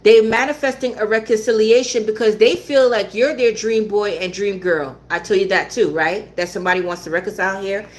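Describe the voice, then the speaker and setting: A tarot reader with a mid-range voice talks a little fast, hardly pausing at all. She's blunt, circles back over the same points, laughs often, and occasionally swears.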